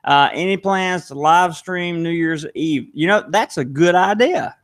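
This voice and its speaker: A man's voice: a little high, measured pace, fairly bright tone. A man with a Southern US accent, hosting a casual live stream and answering viewer comments aloud. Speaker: live-stream vlogger reading chat.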